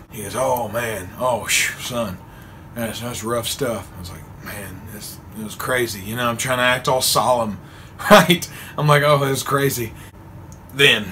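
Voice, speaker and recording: A man's voice: medium pitch, slight background noise. A young man telling a funny true story in a casual vlog, acting out the lines with frequent laughter. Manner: animated, laughs often, acts out quotes. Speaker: vlogger.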